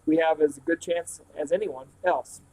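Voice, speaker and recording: An old country grandpa full of schemes and excitement, talking in a folksy, eager way, pitched a little high, as a man reading aloud puts him on. it sounds like a storybook read at home. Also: unhurried, low-quality recording. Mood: earnest. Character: excited old grandfather, storekeeper, shrewd dealer.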